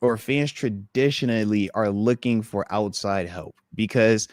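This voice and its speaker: A man's voice: lowish voice, unhurried, dry recording, clean studio sound. A man, a former pro football player, talking football with passion on a live podcast and acting out voices of players and fans. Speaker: former NFL player and guest analyst.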